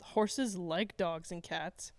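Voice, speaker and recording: A woman's voice: fairly low pitch, takes it slowly, no room sound. A woman co-hosting a podcast in casual chat, talking in a loose, chatty way with lots of fillers. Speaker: podcast co-host.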